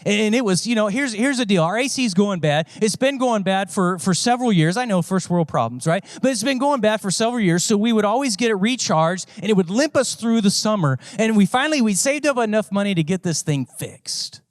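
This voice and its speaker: High-voiced man preaching, dry and close. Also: expressive, fairly quick, hardly any pauses, no echo. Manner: conversational preaching with sweeping pitch swings and repeated phrases. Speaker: pastor. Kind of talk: sermon.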